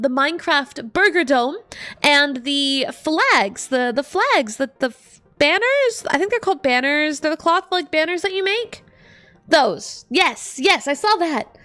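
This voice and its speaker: High-voiced bubbly woman streamer. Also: lively intonation, unhurried, sharp tone, dry recording. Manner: bubbly, chatty, reads chat aloud and laughs often. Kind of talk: casual live-stream chat while gaming.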